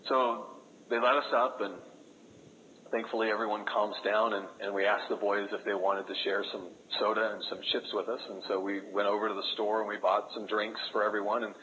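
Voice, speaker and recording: A man speaking as a missionary, telling a story to an audience in an earnest way, with lots of halting restarts. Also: fairly low pitch, bright, forceful tone, highs cut off, a little hiss or hum. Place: room with a live audience.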